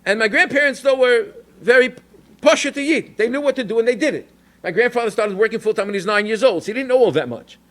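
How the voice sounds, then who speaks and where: Brief: rabbi telling a family anecdote, lively and quick, Yiddish phrases throughout. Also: male voice, very high voice. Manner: animated, anecdotal, Yiddish and Hebrew terms. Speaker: rabbi and educator. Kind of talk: storytelling Torah talk.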